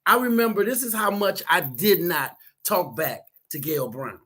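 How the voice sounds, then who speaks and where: Man, counselor, talk show guest, high voice, animated storytelling. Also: normal speed. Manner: animated storyteller acting out quotes. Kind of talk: casual talk show chat.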